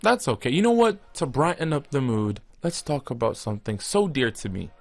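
A man's voice: medium pitch, expressive, normal speed, vocal fry, no echo. A man around twenty co-hosting a radio show in casual chat, upbeat, teasing and reassuring. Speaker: radio co-host.

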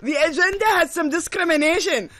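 A woman co-hosting a radio show in casual chat, playful and quick to laugh, with bursts of mock indignation. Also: very high-pitched, a bit bright, no echo. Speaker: radio co-host.

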